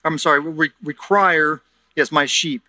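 Bright-voiced preaching man. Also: fairly high pitch, measured pace, dry recording. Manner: earnest, repeats words while explaining. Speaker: pastor. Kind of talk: sermon with scripture reading.

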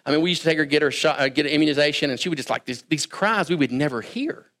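A man preaching a sermon, talking conversationally and swinging between quiet asides and raised, emphatic lines. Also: on the high side, rapid-fire. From Kentucky. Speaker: pastor.

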